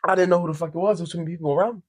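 A young man co-hosting a podcast in loose, profane, animated chat, laughing often. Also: a little high, racing, breathy edge. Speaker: podcast co-host. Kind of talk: casual chat.

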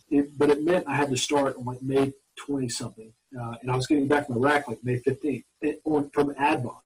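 A man's voice: medium pitch, brisk, hardly any pauses, husky, rough recording. A man in his forties, a former Marine from Alabama, telling long rambling anecdotes as an interview guest. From Mobile, Alabama, US. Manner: rambling, animated anecdotes with many restarts. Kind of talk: casual storytelling interview.

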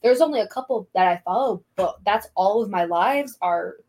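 Female speaker, chatty and giggly in casual conversation, medium pitch. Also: lively intonation, normal speed, a little mellow. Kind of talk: casual chat.

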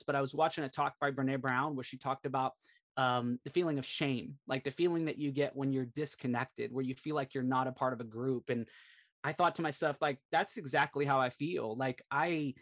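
A man's voice: on the high side, brisk. Earnest man telling a personal story. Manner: earnest, animated retelling, frequent "like" fillers. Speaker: podcast guest, performance coach and speaker.

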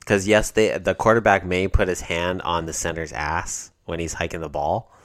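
Deep-voiced excitable podcast guy. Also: normal speed, dry recording, clean studio sound. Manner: profane, excitable, laughs often. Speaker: podcast co-host. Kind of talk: casual wrestling recap chat.

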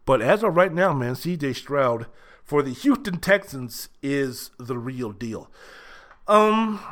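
A man hosting a solo sports talk show, ranting with profanity and shouting. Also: mid-range voice.

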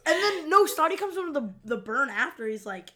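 Woman, podcast co-host, casual chat, laughs often, a bit off-mic, fairly high voice. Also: very animated, normal speed, bright, forceful tone. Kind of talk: casual chat recapping a TV episode.

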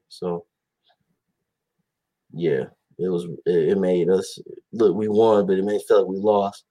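Male host, low husky voice, rambling casual rant. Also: unhurried, pauses often. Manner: animated, rambling with fillers and quoted voices. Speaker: podcast host. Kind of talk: casual chat about basketball.

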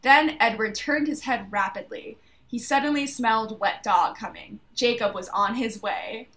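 A woman's voice: fairly high pitch, normal speed, fairly bright tone. A young woman reading her old fan fiction aloud on a podcast, with giggly, self-mocking asides. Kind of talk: casual reading aloud with laughter.

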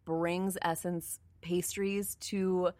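A woman's voice: on the low side, level tone, drawn-out words, warm tone, no echo. A woman co-hosting a casual food podcast, playful and laughing often, reading product text aloud. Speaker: podcast co-host. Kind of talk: casual chat.

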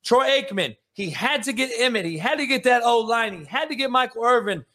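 A man's voice: very high voice, animated, brisk, pushed and bright. A man hosting a sports talk show, brash and profane, rambling through opinions in casual sports talk.

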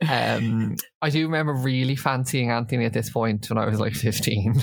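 A man's voice: medium pitch, fairly even intonation, a little fast, gravelly, no room sound. A man co-hosting a podcast, chatting casually and jokily as he recaps a reality show, with lots of fillers. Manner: chatty, jokey, many fillers. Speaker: podcast co-host.

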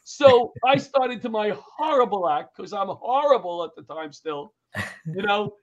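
Speaking at a measured pace in a voice that sits high, this middle-aged man, both comedian and firefighter, shares stories in an interview, lively in impersonating the characters. Dull lo-fi audio.

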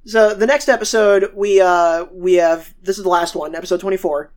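A woman with a slightly mellow, lowish voice speaks at normal speed. She co-hosts a podcast, recapping episodes in a rambling, casual, profane way and acting out the characters she quotes.

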